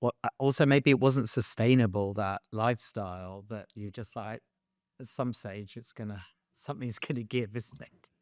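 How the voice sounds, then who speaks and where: A man's voice: fairly low pitch, normal speed, dry recording, studio quality. A man hosting a podcast interview, asking short, curious follow-up questions. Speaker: podcast host.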